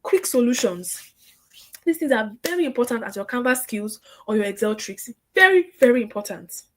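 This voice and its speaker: A woman teaches an online course in a lively, animated way. She slips into little acted-out client conversations and repeats key words for emphasis. Her voice sits fairly high. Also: moderate pace.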